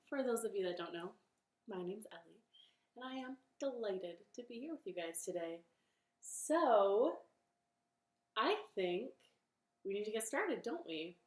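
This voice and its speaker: A woman's voice: medium pitch, reverberant. A woman hosting a children's storytime from her living room, talking cheerfully and directly to young children. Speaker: library storytime host.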